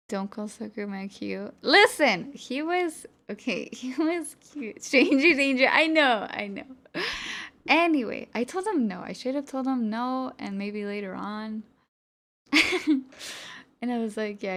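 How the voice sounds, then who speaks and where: Gravelly young woman telling a story. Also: a little high. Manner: animated, talks to chat, laughs, fillers like "you know". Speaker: streamer. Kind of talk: storytime chat with stream viewers.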